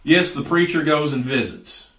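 Folksy preacher, echoey and distant. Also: male voice, fairly high pitch, normal speed, fairly bright tone. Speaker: pastor. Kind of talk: sermon. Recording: echoey room, voice heard from a distance.

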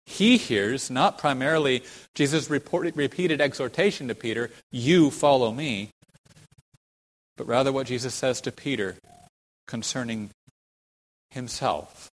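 A man's voice: mid-range voice, a bit bright, in a large hall, low-quality recording. A man preaching an expository sermon, stressing key words emphatically and posing rhetorical questions. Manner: emphatic, rhetorical questions, slow deliberate phrasing with sudden stresses.

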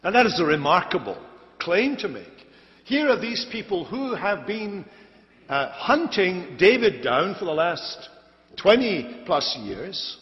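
High-voiced male preacher, emphatic, repeats phrases to drive them home; dull lo-fi tape with long church reverb. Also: sing-song, unhurried. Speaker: pastor. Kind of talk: expository sermon. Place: church sanctuary.

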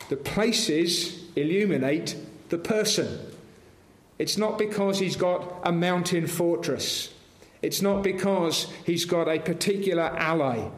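An English man preaching in a church with a fairly high voice and a slow, deliberate pace. He is emphatic and stacks rhetorical questions one after another. The sound is roomy, with the echo of the sanctuary around him. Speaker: pastor. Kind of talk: sermon.

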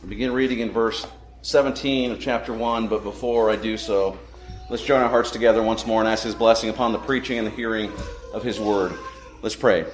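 A man preaching a sermon as pastor, praying and reading scripture in a solemn, measured way, slowing for emphasis. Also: fairly low pitch, steady tone, roomy sound, soft background music, low-quality recording.

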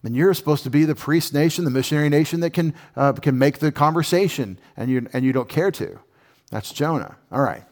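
Folksy man teaching Bible words. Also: a little high. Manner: explains words slowly, restarts often, folksy. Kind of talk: casual classroom lecture.

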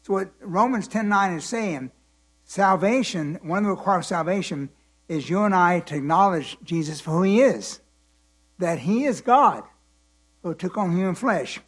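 A man teaching from the Bible in a slow, deliberate way, repeating his points and letting the congregation fill in words, his voice tired at the end of the day. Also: high-pitched, animated, breathy edge. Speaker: preacher.

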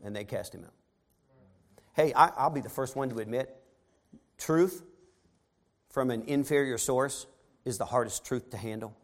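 A man preaching a sermon who reads scripture aloud and then retells it in casual modern words, swinging between soft asides and loud emphatic stretches. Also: mid-range voice, moderate pace, pauses often.

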